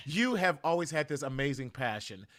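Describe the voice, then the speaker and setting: A middle-aged man from Southern California runs a live-streamed podcast launch party. He talks in a high-set voice, casual and full of slang, and keeps up a stream of hyped calls for viewers to join in. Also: very animated, normal speed, a bit bright. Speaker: podcast host.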